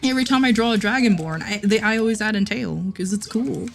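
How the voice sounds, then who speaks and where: A woman's voice: mid-range voice, fast, vocal fry, soft background music. A woman livestreamer chatting casually with her chat, giggling often and restarting her sentences.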